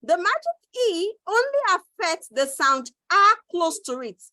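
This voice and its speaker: A woman teaching children phonics in an online class, cheerful and coaxing, repeating words slowly for them to echo. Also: extremely high pitch, sing-song, sharp tone. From Nigeria. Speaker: reading teacher. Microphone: close mic in a virtual class.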